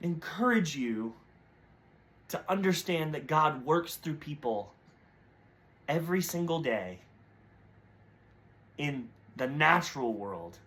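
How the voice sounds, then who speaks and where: A man with a high, bright voice delivers a short devotional message. He tells a parable in a storytelling way, briefly voicing its characters before he draws the lesson. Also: animated, slow, long pauses. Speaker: preacher.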